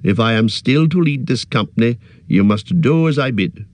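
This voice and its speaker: A man's voice: mid-range voice, expressive, moderate pace, a little mellow, dry recording, close to an everyday voice. A man reading aloud and voicing a commanding male ranger leader who speaks firmly and with authority. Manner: firm, authoritative.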